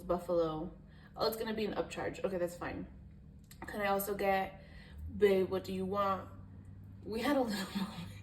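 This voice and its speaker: A young woman vlogger telling a rambling, candid story in a casual chat, swearing now and then. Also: mid-range voice. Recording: echoey room, voice a bit far off, faint background hiss.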